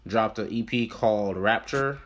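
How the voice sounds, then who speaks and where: A man co-hosting a casual music podcast, talking in fast, profane, animated banter. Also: fairly low pitch. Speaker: podcast co-host.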